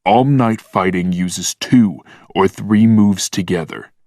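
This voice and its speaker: A man's voice: low-pitched, takes it slowly, dark tone, no room sound, clean studio sound. Man playing a stern fighting teacher. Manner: curt, commanding.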